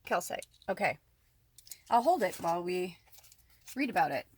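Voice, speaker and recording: A woman's voice: on the low side, big pitch swings, normal speed, slight background noise. A woman giving a casual spiritual card reading at home. She rambles in a chatty way, full of asides and "like". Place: at home indoors.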